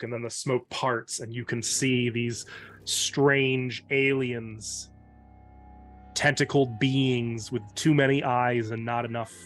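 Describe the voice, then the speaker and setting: Man narrating a dark tabletop scene. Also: medium pitch. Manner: measured, descriptive storytelling. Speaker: game master.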